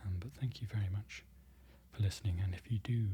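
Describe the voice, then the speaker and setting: A man speaking in a soft-spoken, often whispered ASMR style, slowly and carefully repeating foreign phrases and correcting himself as an apologetic learner. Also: lowish voice, a little hiss or hum. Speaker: ASMR creator learning a language.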